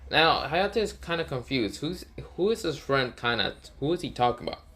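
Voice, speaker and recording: A man's voice: on the high side, expressive, normal speed, a bit bright. Rambling man retelling a fan story. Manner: rambling, full of fillers.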